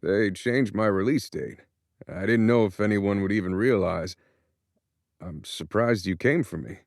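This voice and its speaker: A man doing a quiet, humbled ex-con father in an audiobook, his voice low and deep and halting. the lines come soft and remorseful, with a close, dry sound and no room around them. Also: dry recording. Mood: subdued. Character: ex-convict father, older man, subdued, remorseful. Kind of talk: audiobook character voice.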